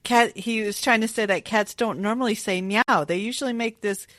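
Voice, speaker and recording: A woman's voice: on the high side, normal speed, a bit bright, no room sound. A woman co-hosting a podcast in casual chat, gushing and laughing as she talks. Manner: gushing, chatty, laughs while talking. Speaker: podcast co-host.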